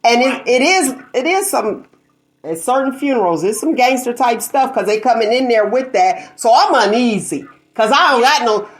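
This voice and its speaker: A woman's voice: on the high side, expressive, normal speed. A woman hosting a talk show, chatting casually, laughing often and acting out quoted asides. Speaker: show host. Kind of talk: casual chat.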